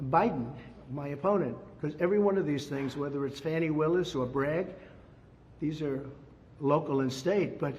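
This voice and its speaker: A man's voice: fairly high pitch, a little mellow, long reverb tail, a little hiss or hum. An older man from the United States giving an emphatic, repetitive press statement as a former president. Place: indoor press room.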